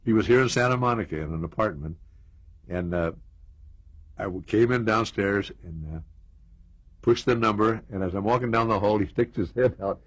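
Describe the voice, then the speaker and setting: A man's voice: on the low side, moderate pace, pauses often, dry recording. An older American man reminiscing in an interview, telling stories with chuckles and asides. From United States. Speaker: interview guest.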